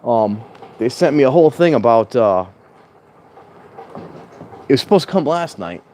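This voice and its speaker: A chatty man rambles casually through an outdoor vlog on a windy train platform, correcting himself as he goes and sometimes raising his voice. His pitch sits in the middle, and he talks into a small clip-on mic wired to his phone while faint traffic hums in the distance. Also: sing-song, moderate pace, a little mellow. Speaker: vlogger. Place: outdoors at a train station in strong wind. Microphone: clip-on mic plugged into a handheld phone.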